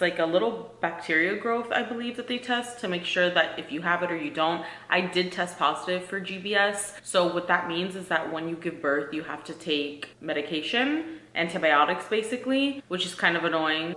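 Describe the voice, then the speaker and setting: A woman's voice: lowish voice, sharp tone. A woman in her thirties chatting to camera in a casual vlog, earnest and talkative, full of "like" and "um". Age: 30s. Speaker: vlogger. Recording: echoey room.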